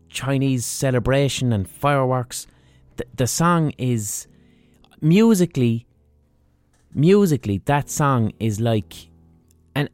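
A man's voice: medium pitch, a little mellow, dry recording. A man hosting a podcast, delivering a blunt, profane, ranting monologue. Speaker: podcast host.

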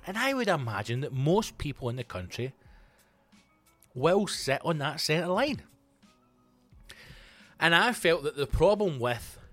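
A middle-aged Scottish man and comedy podcast host, ranting in a loose, sweary, animated monologue. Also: medium pitch, dry recording. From Scotland.

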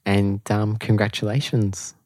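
A man's voice: lowish voice, little pitch movement, measured pace, a little mellow. A man interviews his co-host on a podcast, keeping his replies short, dry and teasing. The recording is close and dry, with no room echo. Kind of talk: casual chat.

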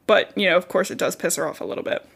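A woman's voice: on the low side, racing, vocal fry, a bit bright, breathy edge. Chatty young woman recapping a book. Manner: chatty, frequent "like", swears casually, acts out characters' lines. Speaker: podcast co-host. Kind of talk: casual book recap chat.

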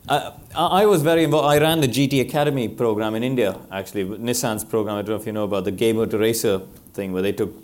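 Middle-aged man, low voice, quick lively anecdotes on a panel, laughs a lot. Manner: animated storytelling, laughs often. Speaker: former racing driver speaking on a panel. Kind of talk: live panel talk, anecdotal.

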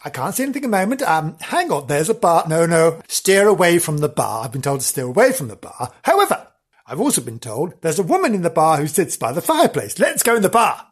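A woman doing giggly husky character Janice. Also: on the low side, big pitch swings, fairly quick. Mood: giddy. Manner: giggly, chatty, theatrical. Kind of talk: comic character sketch.

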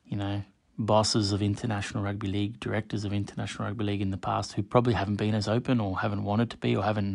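Gravelly-voiced man hosting a podcast. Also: fairly low pitch, no echo, studio quality. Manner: chatty, addresses listeners directly by name. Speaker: podcast host. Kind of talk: casual solo podcast monologue.

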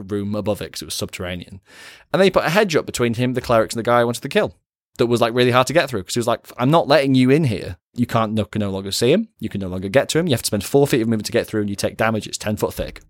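A man co-hosting a podcast as game master, telling animated stories in casual chat and acting out quotes. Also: on the low side, racing, dry recording, clean studio sound. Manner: animated storytelling, acts out quotes.

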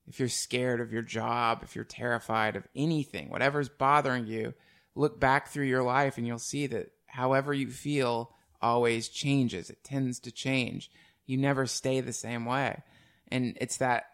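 A man's voice: mid-range voice, a bit bright. A man hosting a podcast, talking casually and animatedly, swearing and laughing as he speaks. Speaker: podcast host. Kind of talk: casual conversation.

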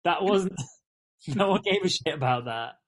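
A man's voice: high voice, animated, a little slow. A British man co-hosting a podcast in casual chat, teasing the others with profane banter. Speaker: podcast co-host.

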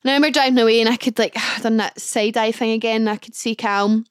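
A woman's voice: on the high side, steady tone, fast talker, clear, resonant tone, no room sound, clean studio sound. A woman in her twenties hosting a podcast, telling a story casually and chattily, full of "like" and acting out her own thoughts. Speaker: podcast host.

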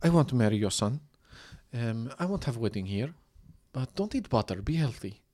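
A man imitating a scattered young woman with a thick Ukrainian accent, speaking broken English in a high, sing-song voice. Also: sing-song, brisk, dark tone. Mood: plaintive.

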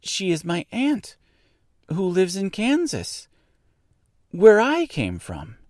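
Brief: man putting on a high, timid little farm girl for a storybook, slow and hesitant. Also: wildly swooping pitch, a little mellow, no echo, studio quality, heavily acted. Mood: wondering. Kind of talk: storybook reading.

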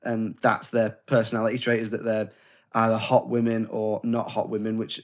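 A man's voice: lowish voice, completely flat delivery, moderate pace. Man rambling through a film chat. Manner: rambling, self-correcting, acts out quoted lines. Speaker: podcast co-host. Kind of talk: casual film discussion.

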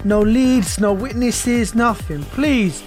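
A man's voice: very high-pitched, takes it slowly, a little mellow, soft background music, voice pushed up. A man voicing a desperate, dishevelled father who begs frantically for help. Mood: pleading. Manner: frantic, begging. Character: desperate pleading immigrant father.

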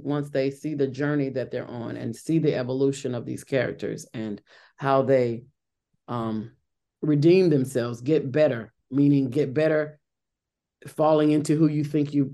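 Her voice is very deep and dark. She's a middle-aged Broadway actress answering interview questions in a conversational way, frequently restarting and filling gaps with fillers.

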